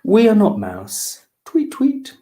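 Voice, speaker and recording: A chirpy flock of little birds from a picture book, voiced by a man. The voice jumps high and bright, tweeting as it talks. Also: very animated, slow pace, full character voice.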